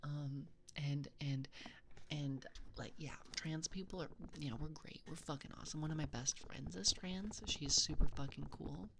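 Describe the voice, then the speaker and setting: Lower-voiced playful streamer woman. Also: fairly even intonation, moderate pace, gravelly, noisy background. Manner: playful, laughs often, swears casually. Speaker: VTuber streamer. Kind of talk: casual chat with live stream viewers.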